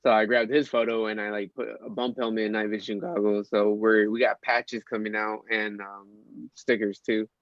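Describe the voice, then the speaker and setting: A man's voice: on the low side, little pitch movement, normal speed, few pauses, dry recording, muffled recording. A man speaking as a podcast guest in casual chat, hesitant, with lots of ums and uhs.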